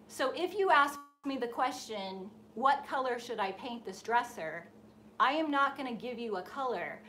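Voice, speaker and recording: A woman with a slightly high voice tells a story live to her creative group. She talks casually and acts out the voices in her anecdotes. A faint hiss runs under the stream. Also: sharp tone. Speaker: host of a painting and design group. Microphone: live stream setup.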